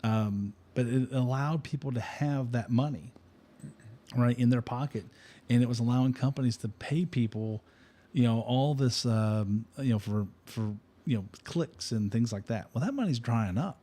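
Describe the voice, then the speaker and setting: A man's voice: mid-range voice, moderate pace, mellow. A man talking politics and economics in a casual discussion, rambling with many restarts and fillers.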